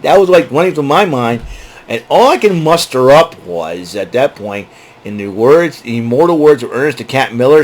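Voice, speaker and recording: A man's voice: medium pitch, animated, moderate pace. A man hosting a podcast, telling a long casual story that rambles, with many restarts and digressions. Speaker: podcast host. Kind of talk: casual monologue.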